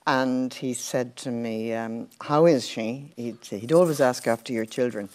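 An older Irish woman, a former television journalist, telling anecdotes in a relaxed interview. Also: a bass voice, normal speed. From Ireland. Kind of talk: casual storytelling.

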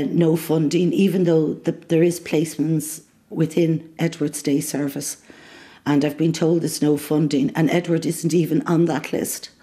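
An older Irish woman, a mother and carer, speaking earnestly in an interview, often pausing with fillers. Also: deep voice, warm tone. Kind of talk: emotional interview.

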